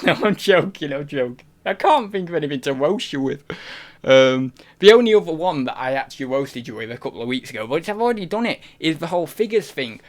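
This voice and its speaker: A man chatting loosely on a live stream, giggly and rambling, and full of restarts. His voice sits a little higher than most men's. The talk is unscripted and offhand. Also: lively intonation, moderate pace. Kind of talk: casual live-stream chat.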